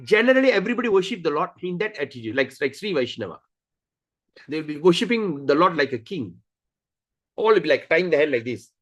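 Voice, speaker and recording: A man's voice: fairly high pitch, a little fast, highs cut off. A man giving a scripture study lecture, repeating key words and often restarting sentences as he explains. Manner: animated, acts out stories with voices. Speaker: scripture teacher.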